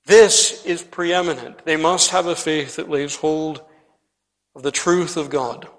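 Male pastor, sermon delivery, emphatic and earnest, voice a bit high, long hall reverb. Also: fairly even intonation, a little slow. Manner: earnest, emphatic, repeatedly addressing the listener as friend. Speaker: preacher.

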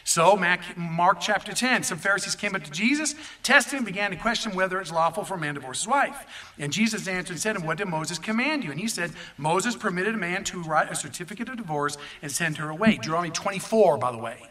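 A male pastor preaching a sermon in an animated way, addressing the congregation directly. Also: high-pitched, quick pace, far from the mic.

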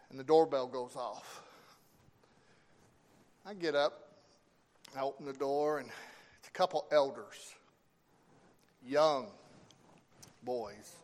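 A man preaching a sermon, slow and emphatic, with dramatic pauses between phrases. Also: medium pitch.

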